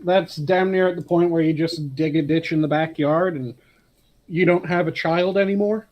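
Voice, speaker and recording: A man's voice: a little high, fairly even intonation, normal speed, darkish tone. A man co-hosting a podcast in casual chat, blunt and terse, often answering with short agreements. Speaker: podcast co-host.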